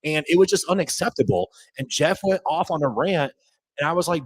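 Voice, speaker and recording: Hyped to the point of barely getting words out, a male podcast host rambles profanely in a live post-game rant, speaking into a desk mic with headphones off. His voice is on the high side, husky, animated, and fairly quick, with no room sound and poor audio.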